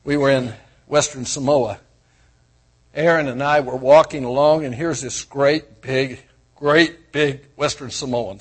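An older man with a husky voice preaching a sermon, moving from quiet storytelling to loud, fervent proclaiming. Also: medium pitch. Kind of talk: sermon with personal stories.

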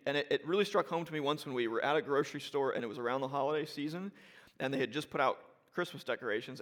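A man's voice: mid-range voice, fairly bright tone. A middle-aged man, a pastor preaching a sermon in a conversational way, often checking in with the congregation and repeating phrases for emphasis. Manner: repeats and restarts phrases while building emphasis.

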